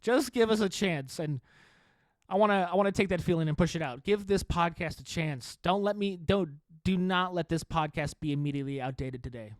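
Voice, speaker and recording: A man with a fairly high voice rants alone into a microphone, sarcastic and self-mocking, swearing and laughing as he goes. The sound is dry and close, with no room around it. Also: brisk, dry recording. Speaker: podcast host. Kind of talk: solo podcast rant. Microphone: studio microphone.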